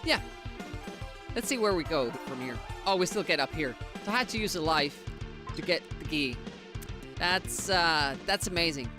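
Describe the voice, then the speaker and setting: With a mid-range voice at a moderate pace, this upbeat streamer from Finland, Finnish by first language, chats away during gameplay. Laughter comes often, viewers' messages get answers on the fly, and game music sits in the background.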